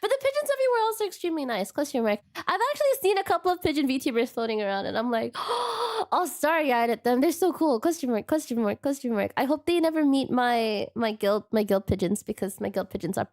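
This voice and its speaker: A woman's voice: high voice, big pitch swings, fast talker, hardly any pauses, a little mellow. A woman co-streaming in casual chat, playful and laughing often.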